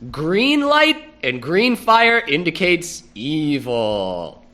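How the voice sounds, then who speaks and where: A man's voice: a little high, very animated, very slow, pushed and bright. A man hosting a comedy podcast, narrating a scene playfully and theatrically while laughing often. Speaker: podcast host. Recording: podcast recorded live.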